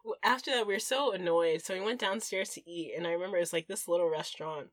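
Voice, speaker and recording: A woman's voice: lowish voice, quick pace, no echo. A young woman co-hosting a podcast, telling exasperated travel stories and mimicking the people she met. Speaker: podcast co-host. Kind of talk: casual chat.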